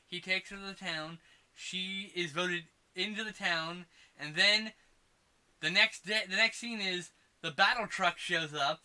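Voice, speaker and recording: A man co-hosting a podcast, chatting casually about a movie, excitable and quick to swear and laugh. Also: sits high, smooth. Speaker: podcast co-host. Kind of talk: casual movie review chat.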